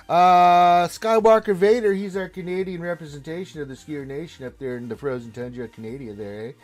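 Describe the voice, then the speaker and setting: A man hosting a gaming livestream, reading out viewer messages in a lively, jokey way, loud on greetings and quieter on asides. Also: fairly high pitch. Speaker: livestream host.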